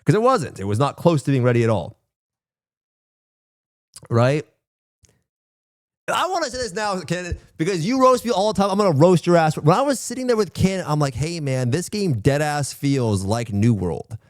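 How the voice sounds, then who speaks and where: A man's voice: sits high, very animated, moderate pace, pauses often, dry recording, clean studio sound. A man streaming live, ranting casually and profanely with lots of slang, rambling and exasperated. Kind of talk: casual livestream chat.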